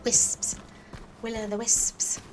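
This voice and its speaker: Slow-talking, playful woman streamer. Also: fairly high pitch, monotone. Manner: playful, giggly, chatty. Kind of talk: casual live-stream chat while gaming. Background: game music.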